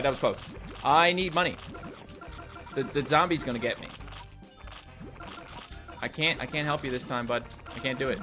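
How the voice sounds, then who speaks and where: A young man live-streams a mobile game, chatting loosely and responding to viewer comments while coaxing the game along with short repeated phrases. His medium-pitched voice keeps a moderate pace with frequent pauses, heard over music.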